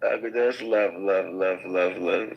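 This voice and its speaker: A man hosting a casual livestream chat, laughing often and trying to calm the others down. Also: deep voice, measured pace, dull audio.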